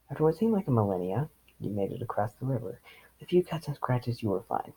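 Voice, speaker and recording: Gravelly man reading with sarcastic asides. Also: medium pitch, very animated, quick pace, mellow, low-quality recording. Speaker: reader. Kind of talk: reading fan fiction with commentary.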